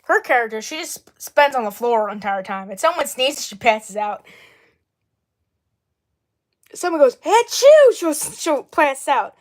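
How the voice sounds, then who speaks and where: A young woman in her twenties chats loosely about her doll collection on a livestream. Her voice sits a little high. She rambles, restarts her sentences and clears her throat often. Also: lively intonation, normal speed. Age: 20s. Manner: rambling, self-correcting, frequent throat clearing. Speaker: doll series creator. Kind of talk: casual livestream chat.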